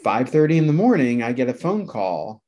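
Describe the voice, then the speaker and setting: A man in his thirties, chatting casually as a podcast co-host. He tells stories in a sheepish, self-deprecating way and drops swear words freely. His voice sits at an ordinary middle pitch for a man. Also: sing-song, normal speed, dark tone. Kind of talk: casual chat.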